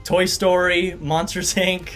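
A man asks questions in the eager tone of a fan, his voice sitting a bit high. Faint music plays underneath. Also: level tone, slow pace, a bit bright. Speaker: interviewer. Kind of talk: casual interview questions.

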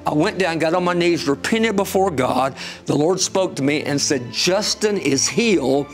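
A man telling an emotional personal testimony, growing animated as the story builds. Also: moderate pace, faint music behind. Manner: storytelling, gets animated and higher when excited. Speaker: guest telling his testimony.

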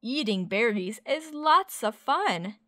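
A woman's voice: fairly high pitch, expressive, slow pace, fairly bright tone, dry recording, studio quality. Woman doing a silly, cheerful big bear. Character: silly, good-natured big male bear.

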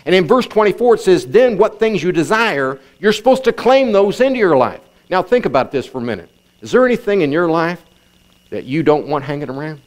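A man's voice: on the high side, lively intonation, fairly quick. A middle-aged man preaching a sermon, reading scripture and driving points home by repeating them. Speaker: pastor.

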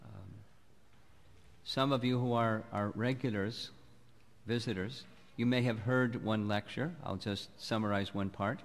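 A man giving a sermon as a spiritual teacher, speaking in a calm, measured, reflective way. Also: lowish voice. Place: temple hall. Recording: long hall reverb.

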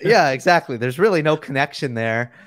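A man's voice: mid-range voice, animated, fairly quick, no echo. A man appearing as a guest tennis analyst in a casual chat, easygoing and searching for words as he talks. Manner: easygoing, hesitant with fillers and restarts.

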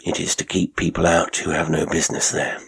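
Man doing a sinister oily country gentleman. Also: low voice, completely flat delivery, fairly quick, gravelly, slightly rough, exaggerated voice. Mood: probing. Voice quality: soft, oily and coaxing, turning menacing. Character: coaxing sinister middle-aged country gentleman.

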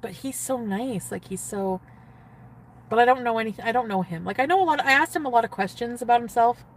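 A woman's voice: a little high, brisk, recorded from a distance. A woman talks casually on a phone livestream from inside a parked car. She is giddy and gushing, and she keeps answering her chat between sighs and laughs.

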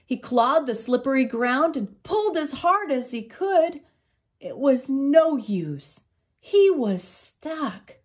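An older woman reads a children's storybook aloud at a slow, gentle pace. Her voice rises and falls widely as she tells it, sitting a little high for a woman. The reading is unhurried and expressive, made for small listeners.

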